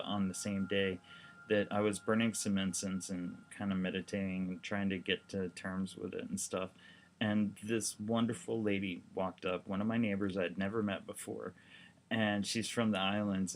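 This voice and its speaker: A man with a fairly low voice talks straight to the camera in a loose, rambling way, full of fillers. He sounds candid and earnest, with a dry, wry streak. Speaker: documentary filmmaker pitching a crowdfunding campaign. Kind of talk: casual talk to camera.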